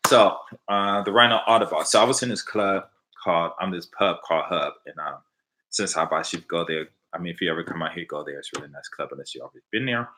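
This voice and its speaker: A man from Los Angeles speaks with an American accent in a low, deep register. His tone is bright and forceful. He tells casual stories in an animated way and slips into the voices of the people he quotes. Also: fast talker, slight background noise. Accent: American English. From Los Angeles, USA. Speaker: vlogger answering viewer questions. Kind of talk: casual storytelling.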